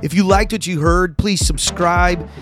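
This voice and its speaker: A man who is a pastor, giving an earnest sermon summary for a podcast, slowing and dropping his voice on key words. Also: music in the background. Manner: earnest, dramatic pauses, drops low on key words. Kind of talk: short recorded sermon summary.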